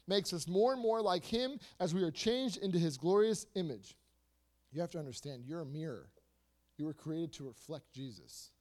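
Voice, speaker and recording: A youth speaker with a high-sitting voice preaches to a youth group, animated and repetitive. He swings from soft asides to loud emphasis and asks plenty of rhetorical questions.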